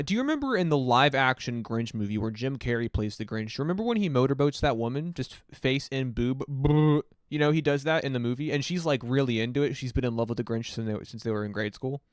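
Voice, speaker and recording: Smooth-voiced man, rambling stream host. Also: mid-range voice, no echo, clean studio sound. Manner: loose, rambling and profane, many fillers. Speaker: host reviewing music submissions. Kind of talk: casual livestream commentary.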